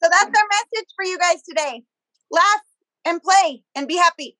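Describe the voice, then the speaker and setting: Very high, bright woman chatting. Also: moderate pace, no echo, poor audio. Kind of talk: casual chat.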